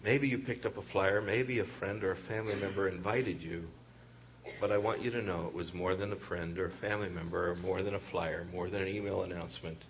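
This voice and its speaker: A man preaching a sermon as pastor in a church, impassioned, rising to loud emphatic peaks and dropping soft, repeating phrases and quoting voices dramatically. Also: deep voice, muffled recording, slight background noise.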